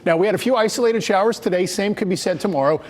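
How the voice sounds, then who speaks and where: A man presenting a local TV weather forecast in a brisk, conversational way. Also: high-pitched. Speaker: meteorologist.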